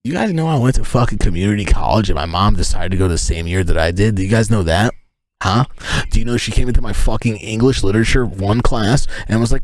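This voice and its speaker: Speaking fast in a lowish voice with no echo, this thirty-something man livestreams from a tent. His casual talk wanders through animated, profanity-laced stories.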